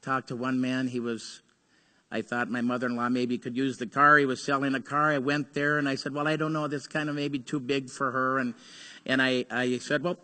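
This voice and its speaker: A male pastor preaching a sermon, telling stories earnestly, rising to urgency and dropping to hushed tones. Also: mid-range voice, level tone, a little fast. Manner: earnest storytelling, swings between urgent and hushed. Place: church sanctuary. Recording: long hall reverb.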